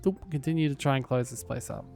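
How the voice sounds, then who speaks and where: Gravelly man muttering gameplay commentary. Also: medium pitch, quick pace, darkish tone, faint music behind. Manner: muttering to himself, dry sarcastic asides. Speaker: gaming YouTuber.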